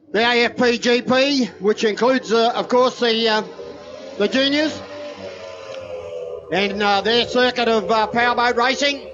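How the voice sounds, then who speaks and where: A man's voice: sits high, a bit bright, lo-fi sound. An older Australian man giving live powerboat race commentary in a chatty way, full of "uh" fillers.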